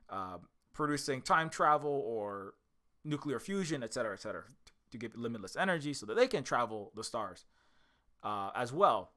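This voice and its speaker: A man's voice: mid-range voice, sharp tone. A man from the United States giving a casual, rambling commentary on an old film, often stopping to correct himself and restart his sentences. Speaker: indie game developer and channel host.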